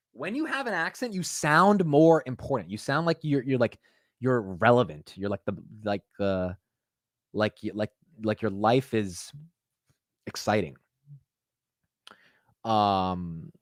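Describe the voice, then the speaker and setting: A young man hosting a finance livestream, talking in an excitable, rambling way and calling his viewers bro and dude. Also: mid-range voice, dry recording, clean studio sound. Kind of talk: casual live-stream chat.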